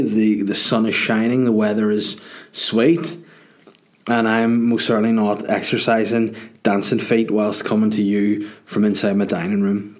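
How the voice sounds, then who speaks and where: Rambling Northern Irish podcast host. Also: male voice, on the low side, darkish tone. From Northern Ireland. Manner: rambling, self-mocking, sweary humor. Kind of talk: solo casual podcast monologue. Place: dining room at home.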